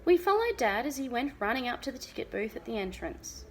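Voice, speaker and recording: Expressive woman reading a novel aloud. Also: fairly high pitch, brisk, slight background noise. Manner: expressive, vivid storytelling. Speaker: teacher.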